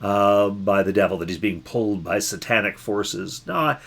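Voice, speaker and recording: A pastor offers a daily Bible reflection, musing unhurriedly and often restarting or repeating words as he thinks. His voice is lowish and creaky, with a fairly bright tone.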